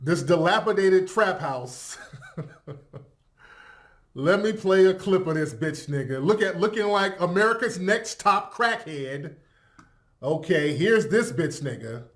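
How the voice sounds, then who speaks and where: A man's voice: high voice, expressive, takes it slowly, fairly bright tone. A man hosting a reaction video, giving profane, incredulous, mocking commentary and laughing as he talks.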